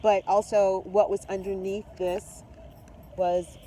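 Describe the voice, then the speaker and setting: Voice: mid-range voice, little pitch movement, slow pace, mellow, slight background noise. A tarot reader chatting to viewers while reading the cards, effusive and direct, mixing spiritual talk with slang and swearing. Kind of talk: casual tarot reading to camera.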